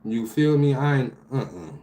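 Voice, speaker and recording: A man, animated and profane, telling a story about his delivery job with loud outbursts. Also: mid-range voice, moderate pace. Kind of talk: casual storytelling vlog.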